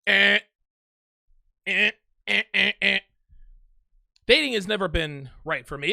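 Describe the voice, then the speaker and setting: A man's voice: high voice, lively intonation, a little slow, gravelly, pauses often, bright, forceful tone, no echo. A man doing mocking reaction commentary, emphatic and sarcastic, on a close microphone. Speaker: commentary host.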